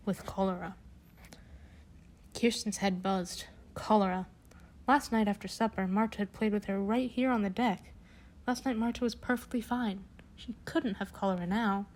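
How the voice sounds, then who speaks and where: A young woman reads a children's chapter book aloud at a middle pitch. She breaks in with gushing, chatty remarks between passages, then slips back into the story. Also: moderate pace, rough recording. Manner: gushing, animated asides between read passages. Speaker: book reader.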